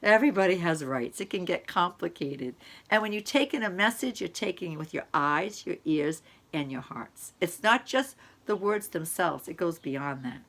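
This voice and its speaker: A woman's voice: on the low side, animated, moderate pace, a bit bright. Woman giving a casual lecture. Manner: conversational, explaining with repeated examples. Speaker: college instructor. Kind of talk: recorded online lecture.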